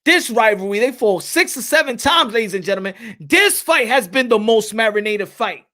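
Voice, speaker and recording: A man with a very high, bright, forceful voice hosts a boxing talk show. He riffs to his viewers with animated, hyped emphasis and stretched-out words. His delivery is loose and unscripted, like live commentary chat. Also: normal speed.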